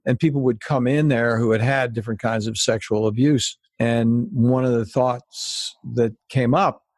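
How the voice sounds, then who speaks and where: A man's voice: medium pitch, vocal fry, darkish tone, no echo. A middle-aged or older man hosting a conversation, lecturing in a rambling way with many restarts. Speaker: host. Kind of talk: conversational commentary.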